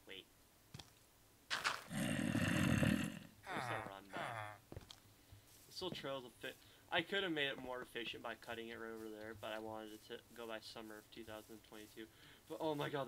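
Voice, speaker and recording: Guy talking over his game, gets loud then mutters, lots of noise in the recording. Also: mid-range voice. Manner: excitable, swings from loud outbursts to quiet muttering. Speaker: gaming channel host. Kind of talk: gameplay commentary. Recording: heavy background noise.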